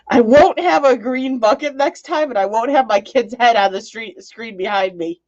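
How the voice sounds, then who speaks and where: Reading viewer comments in a casual live stream, a woman rambles, jokes and laughs a lot. Her voice is on the high side, unhurried and a little mellow, captured in dull lo-fi audio.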